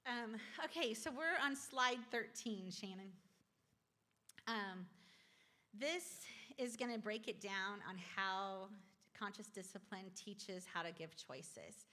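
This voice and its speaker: Lady leading a parenting class, bright tone, chatty and encouraging. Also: medium pitch, slow pace. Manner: chatty and encouraging, asks the audience questions. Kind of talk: presenting a class from slides.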